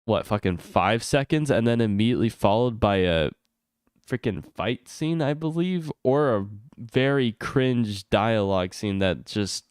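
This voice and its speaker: A man on a stream venting in a loose, profane rant, his voice smooth and resonant in a dry, close sound with no room echo. His frustration builds until his pitch shoots up high, then settles back to a medium-toned grumble. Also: expressive, unhurried, a little mellow. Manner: exasperated, swearing rant that climbs high when heated. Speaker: gaming streamer. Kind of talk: unscripted ranting stream commentary.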